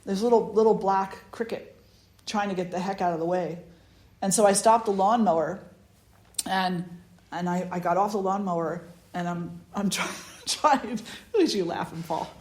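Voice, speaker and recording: With a mid-range voice at a moderate pace, a spiritual teacher leads a satsang in a roomy, echoing space. She tells anecdotes in an informal, animated and chatty way, frequently laughing and restarting her sentences.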